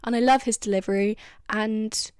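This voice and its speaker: A woman chatting casually to camera as a vlogger, often laughing and acting out the lines she quotes. Her voice sits a little high, and it is recorded dry and close, with no room sound. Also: steady tone, normal speed, darkish tone, clean tone, no echo, faint music behind. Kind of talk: casual chat.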